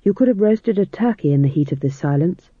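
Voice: medium pitch, expressive, fairly quick, breathy edge, no echo. An audiobook narrator reading a story in a dry, wry manner. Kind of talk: scripted narration. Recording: tinny phone-like audio, dry.

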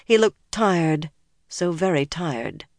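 Audiobook narrator, measured and expressive delivery, mid pitch, dry recording. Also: no room sound. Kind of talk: scripted narration.

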